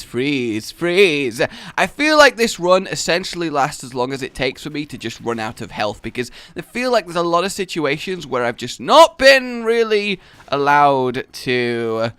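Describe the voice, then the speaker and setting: A man's voice: on the high side, normal speed, hardly any pauses, smooth, no echo. A young man giving exasperated, rambling let's play commentary into a close mic. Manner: animated, exasperated rambling with outbursts. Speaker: gaming YouTuber.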